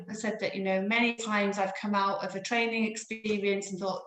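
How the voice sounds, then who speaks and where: A woman's voice: medium pitch, level tone, fast talker, few pauses, a bit bright, roomy sound, rough recording. A woman, a therapist and trainer, speaking in a panel discussion, reflective and searching, often restarting her sentences.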